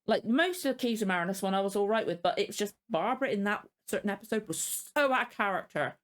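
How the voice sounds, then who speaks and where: Speaking fast with lively intonation in a medium-pitched voice, a woman hosts a laid-back reaction video. She rambles candidly, restarting and using plenty of fillers, and makes no secret of her annoyance at the episode she watched.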